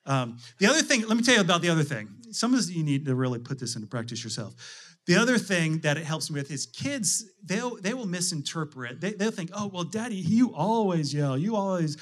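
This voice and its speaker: A man's voice: fairly high pitch, a bit bright. A middle-aged man, a pastor, delivering a conversational sermon full of restarts and rhetorical questions.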